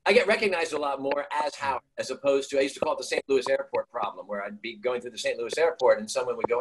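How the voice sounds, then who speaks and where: A man's voice: medium pitch, quick pace, few pauses, breathy edge, poor audio. A middle-aged man, a guest actor, telling stories on a video call and acting out the people in them. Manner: animated, acts out quoted voices. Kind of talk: storytelling in a video-call interview.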